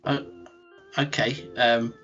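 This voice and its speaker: A man's voice: medium pitch, level tone, slow, pushed and bright. A man co-hosting a podcast, playing a hesitant, stammering voice actor in a comedy sketch. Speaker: podcast co-host. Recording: dull lo-fi podcast audio with faint music.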